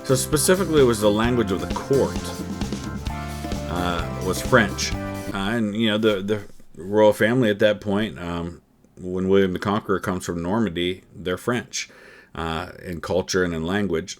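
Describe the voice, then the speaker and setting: A man's voice: low voice, moderate pace, faint music behind. A man hosting a history channel, reacting to a trivia quiz and musing through each answer with plenty of ums and uhs. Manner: thinking aloud, hesitant with many fillers.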